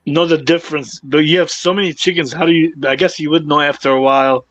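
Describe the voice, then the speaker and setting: A man's voice: a little high, steady tone, fast talker, fairly bright tone, dry recording, low-quality recording. A man chatting casually on a livestream, rambling and laughing a lot.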